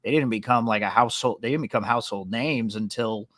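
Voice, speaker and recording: A man's voice: fairly low pitch, fast talker, a bit bright, dry recording, studio quality. A man co-hosting a sports podcast, talking casually with many fillers and restarts. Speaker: podcast co-host.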